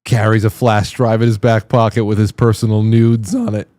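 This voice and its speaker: A show host with a lowish, darkish voice reacts to video clips with amused, wry commentary. His tone stays level and his speed normal in this casual talk.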